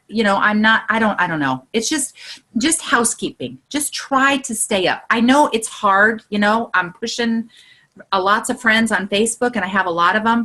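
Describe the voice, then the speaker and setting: High, lively woman leading an online class. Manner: voice climbs high when excited; chatty and exclamatory, with many "look" and "you know". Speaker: trainer leading an online group session. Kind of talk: casual instructional talk. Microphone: video call.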